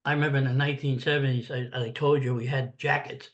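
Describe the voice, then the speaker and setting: A man's voice: medium pitch, quick pace, few pauses, fairly bright tone. An older American man giving a blunt, sarcastic, rambling political rant in a casual monologue. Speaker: political commentator.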